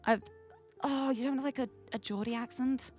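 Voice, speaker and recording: A woman's voice: high-pitched, fairly even intonation, moderate pace, darkish tone, faint music behind. A woman streamer chatting casually, giggling often and filling her talk with likes.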